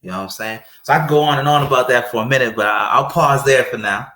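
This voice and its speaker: A man talking casually as a podcast guest, telling stories in an animated way. He slips into little acted-out voices now and then and laughs easily. The room around him carries a noticeable echo. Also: medium pitch, fast. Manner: animated storyteller, acts out voices, laughs often. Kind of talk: casual chat.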